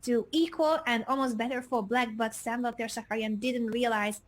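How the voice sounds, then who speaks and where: Energetic woman hyping a chess stream. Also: fairly high pitch, normal speed. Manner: energetic, hypes up the stream chat. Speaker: chess commentator. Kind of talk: live chess commentary.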